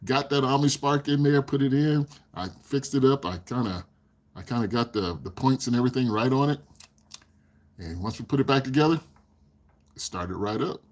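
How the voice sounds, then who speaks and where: A man's voice: medium pitch, animated, normal speed. An older man hosting a casual livestream, telling rambling stories and laughing often. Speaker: livestream host.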